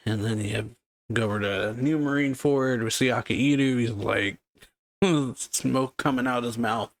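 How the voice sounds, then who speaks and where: A man's voice: mid-range voice, a little slow. Laid-back man retelling a comic. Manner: loose, rambling, with many fillers. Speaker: manga reaction YouTuber. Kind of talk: casual retelling of a comic chapter.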